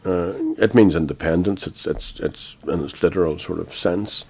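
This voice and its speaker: An older Irish man, a guest in a radio interview, speaking in a measured, grave way with frequent pauses. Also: deep voice, vocal fry, warm tone, breathy edge. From Ireland.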